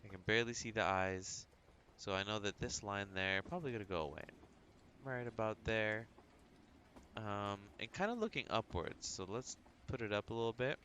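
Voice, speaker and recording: Low-voiced man talking through his drawing. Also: normal speed, bright, forceful tone, a little hiss or hum. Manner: chatty, thinks aloud, hums to himself. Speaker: livestreaming artist. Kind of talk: casual tutorial narration while drawing.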